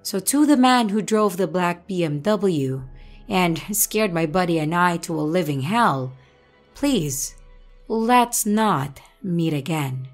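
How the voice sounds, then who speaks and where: A woman's voice: fairly low pitch, expressive, slow, soft background music. Woman narrating a creepy story. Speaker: narrator reading viewer stories. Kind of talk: scripted horror story narration.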